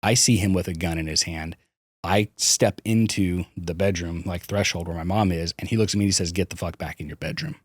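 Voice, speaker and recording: Low-voiced man telling hard stories. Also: steady tone, fairly quick. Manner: frank, swears, hesitant restarts. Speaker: podcast guest. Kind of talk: candid personal storytelling.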